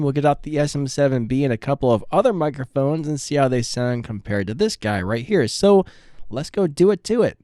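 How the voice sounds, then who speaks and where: A man's voice: on the high side, a little mellow, no echo, studio quality. Plain-spoken man reviewing microphones. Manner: plain-spoken, self-deprecating. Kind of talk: casual product review. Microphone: studio microphones close up.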